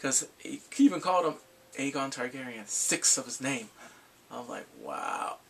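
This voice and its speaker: A young man recapping a TV episode in casual chat, animated and acting out scenes with loud exclamations. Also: mid-range voice, normal speed, vocal fry, husky. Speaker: TV show reviewer.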